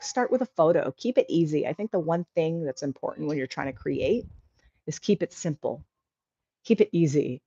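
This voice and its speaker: A woman hosting a casual livestream reads viewer comments aloud and answers earnestly and encouragingly, rambling a bit. Her voice is fairly low and dark, on a dry, muffled recording.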